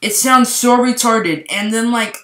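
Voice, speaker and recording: With an extremely high, sharp voice and an unhurried pace, a man gives a casual spoken movie review, rambling and saying "like" constantly. The room sounds echoey.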